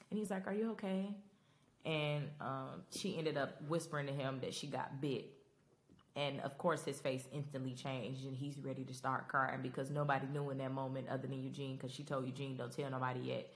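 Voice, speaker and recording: Very low-voiced chatty woman podcaster. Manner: chatty, emphatic, addresses listeners as y'all. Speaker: podcast host. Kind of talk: casual show recap.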